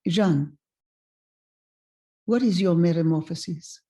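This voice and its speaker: A woman voicing a playful old French gentleman with a French accent, asking gentle questions. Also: lowish voice, takes it slowly. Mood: wondering.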